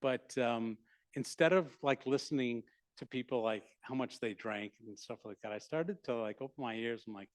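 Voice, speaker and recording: A middle-aged man telling a personal story to an audience, halting with many restarts and self-mocking humor. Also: mid-range voice, no room sound. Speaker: speaker at a library talk.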